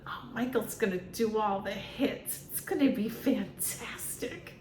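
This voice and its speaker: Woman impersonating a slick male manager: hollow cheer, quiet and slow, roomy sound. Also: medium pitch, background noise, lightly acted. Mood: fake cheerful. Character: fake-cheerful man, slick music manager.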